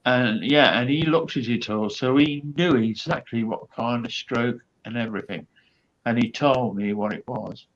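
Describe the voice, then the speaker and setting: Here an older man, a guest comedian, spins chatty anecdotes, slipping into the voices of the characters he describes. His mid-range voice moves at a moderate pace over a dull lo-fi recording.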